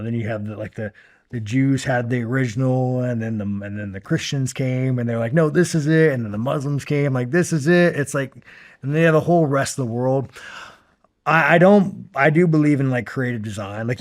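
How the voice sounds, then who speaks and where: A man in his thirties, a podcast guest talking bluntly and profanely in a rambling, filler-filled way. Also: medium pitch. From United States. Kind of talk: casual long-form interview talk.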